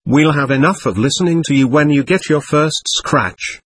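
A man reading the part of a weary, cynical soldier in his thirties, gruff and dismissive, in an audiobook. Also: on the high side, normal speed, no echo, pitched above the performer's own voice. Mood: scornful.

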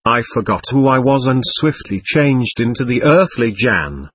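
A man narrating a first-person storybook with a husky, breathy voice. His pitch rises and falls lively through the lines, and the sound is close and dry. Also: unhurried, dry recording. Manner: steady, expressive reading.

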